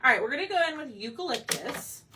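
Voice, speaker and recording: A woman's voice: high voice, big pitch swings, quick pace. A woman hosting a casual live painting session, chatting and thinking aloud as she works and asking viewers for their opinions. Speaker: craft painting host. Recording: slightly distant mic with faint background noise.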